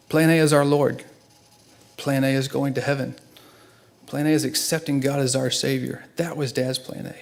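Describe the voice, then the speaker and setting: A middle-aged man, a son, giving an emotional eulogy in a church and telling stories earnestly, his voice swinging between hushed and loud. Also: medium pitch, moderate pace, gravelly, long pauses.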